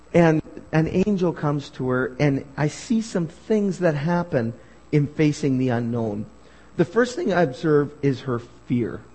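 A man preaching a sermon, animated and asking the congregation questions. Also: fairly high pitch, husky. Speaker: pastor. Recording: hall reverb.

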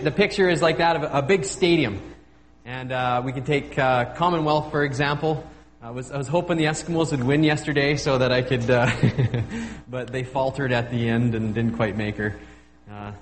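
A man, preaching as a guest pastor in an informal, halting style with self-deprecating humor. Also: on the high side, big-room sound, slight background noise. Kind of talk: sermon.

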